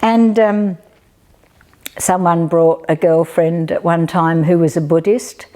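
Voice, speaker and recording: A woman's voice: fairly low pitch, steady tone, slow, dark tone. An older woman, telling a rambling, chatty personal story in a casual spoken way. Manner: rambling, chatty, with frequent fillers.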